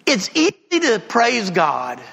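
High, gravelly-voiced man teaching Bible class. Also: wildly swooping pitch, slow pace, sharp tone. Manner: conversational, asks the class rhetorical questions. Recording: reverberant room recording.

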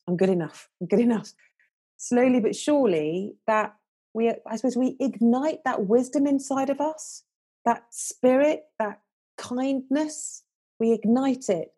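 Mellow-voiced woman coaching with gentle earnestness. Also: fairly high pitch, breathy edge. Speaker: confidence coach, guest. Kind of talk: podcast interview.

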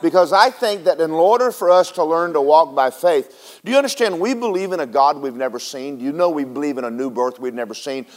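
High-voiced, animated preacher. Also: male voice. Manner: animated, with rapid rhetorical questions to the congregation. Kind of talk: sermon.

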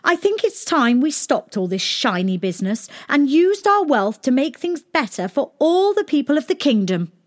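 A woman's voice: high voice, very animated, normal speed, hardly any pauses, pitched above the performer's own voice. A woman putting on a bold young princess. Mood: earnest. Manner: bold and commanding. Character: spirited young princess who loves mud.

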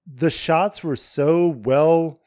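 A man with a somewhat high voice chats casually on a podcast, enthusiastic and swearing without a thought. The sound is dry and close, with no room echo. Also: drawn-out words, dark tone. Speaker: podcast co-host. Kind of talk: casual chat.

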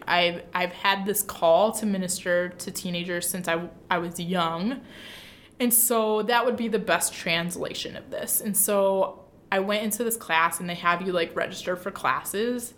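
A woman's voice: mid-range voice, a little slow, slight background noise. Chatty young Midwestern woman telling a story. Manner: chatty, lots of "like", animated retelling. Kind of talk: casual storytelling.

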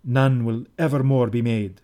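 A man's voice: mid-range voice, fairly even intonation, unhurried, warm tone, lightly acted. A man reading the part of an ecstatic, half-mad Egyptian priest, scornful and then coldly triumphant, in an audiobook. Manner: exultant and scornful, then cold.

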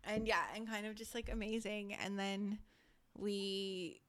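Woman in her thirties, podcast co-host, casual chat, chatty and full of fillers, mid-pitched. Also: measured pace, clean tone. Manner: chatty, many fillers, animated storytelling.

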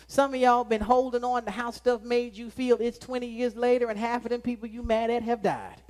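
Male pastor, live church sermon; dynamic delivery with sharp loud-to-hushed swings and playful asides. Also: very high voice, steady tone, normal speed, hardly any pauses. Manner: joking asides to the congregation. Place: church sanctuary with live congregation.

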